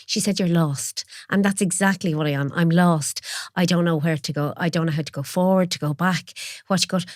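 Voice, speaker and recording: A middle-aged mother talks as a podcast guest and drifts between thoughts. She is emotional and quick to put herself down. Her voice is slightly low and the recording is dry and close. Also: steady tone, no room sound. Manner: rambling, emotional, self-deprecating. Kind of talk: casual chat.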